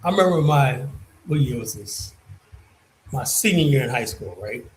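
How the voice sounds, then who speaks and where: A man streaming a casual monologue, telling a story in a rambling, profane way that swings from muttering to loud emphasis. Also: mid-range voice, animated, moderate pace, low-quality recording. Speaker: streamer and commentator.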